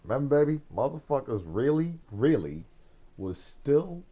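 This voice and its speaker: Mellow-voiced animated male streamer. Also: mid-range voice, moderate pace, lo-fi sound. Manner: animated, profane, swings from quiet to loud; laughs often while talking. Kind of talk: casual chat.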